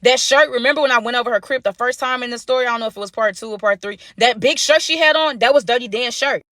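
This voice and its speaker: A woman telling a workplace story in a casual storytime vlog, animated and dramatic, talking straight to her viewers with lots of slang. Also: on the high side, fast, no echo, studio quality.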